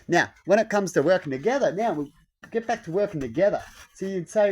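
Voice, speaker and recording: A man's voice: a little high, lively intonation, fast. Rambling, swearing man. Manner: rambling, swears, acts out quoted voices loudly. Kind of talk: casual rambling rant.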